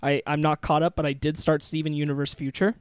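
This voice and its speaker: A man's voice: a little high, little pitch movement, fast talker, clean tone, no room sound. A man co-hosting a casual podcast chat, enthusiastic, laughing often and restarting his sentences. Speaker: podcast co-host.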